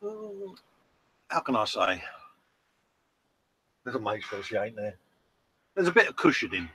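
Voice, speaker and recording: A man's voice: fairly low pitch, very animated, measured pace, bright, forceful tone, slightly rough, poor audio. An English man telling jokey stories and laughing in casual banter. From England. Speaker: guest on a live stream.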